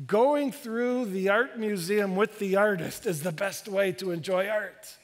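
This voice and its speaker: A man in his fifties, a pastor preaching a sermon with animated, excitable delivery. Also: measured pace, few pauses. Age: 50s. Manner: animated, bursts into high excited exclamations. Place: church sanctuary. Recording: long church hall reverb.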